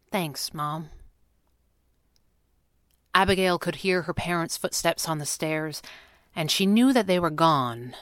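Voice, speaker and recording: A woman narrating a children's story aloud, expressive and voicing each character. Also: on the low side, clean tone, no room sound, studio quality. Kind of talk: audiobook narration.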